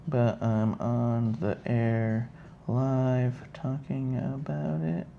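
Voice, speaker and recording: A podcast host drags out his words in a level, dark, medium-pitched voice, and the recording has its highs cut off plus a little hiss or hum. He's chatting live, rambling through a heavily profane anecdote and acting out the quotes in shifting voices.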